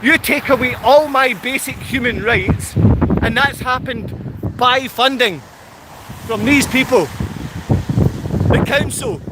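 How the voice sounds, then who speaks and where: In an extremely high-pitched voice, a Scottish channel host delivers a combative live rant to his viewers, repeating himself with real intensity. He speaks slowly with long pauses, and the recording is very noisy.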